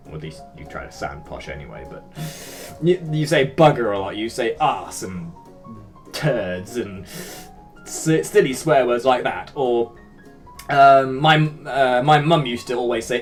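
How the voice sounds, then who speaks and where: Rambling English man, lively voice. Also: medium pitch, moderate pace, faint music behind. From Britain. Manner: rambling, self-mocking, swears casually. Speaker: YouTube host. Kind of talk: casual chat answering viewer comments.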